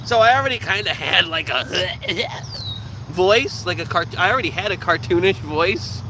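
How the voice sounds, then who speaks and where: A young man with a nasal, squeaky voice, chatting casually and profanely to his live viewers. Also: animated, a little fast, background noise. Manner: profane, joking, talks with teeth hidden. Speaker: vlogger streaming live. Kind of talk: casual rambling chat.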